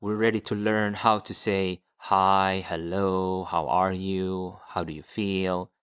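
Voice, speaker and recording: A man's voice: deep voice, little pitch movement, slow pace, a bit bright, smooth. A man teaching a language lesson, patiently explaining and repeating words for learners. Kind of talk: slow explanatory video lesson.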